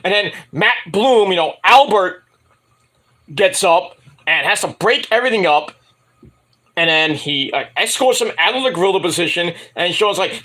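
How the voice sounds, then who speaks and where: Guy rambling thru a wrestling review, high voice, swoops up and down a lot. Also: expressive, normal speed, pushed and bright. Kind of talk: casual solo review monologue.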